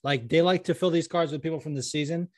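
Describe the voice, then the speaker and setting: A man's voice: fairly high pitch, fast talker, a little mellow, no echo. A man co-hosting a casual podcast chat, swearing freely and laughing often. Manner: profane, laughing, breaks into sung bits. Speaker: podcast co-host. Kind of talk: casual chat about fights.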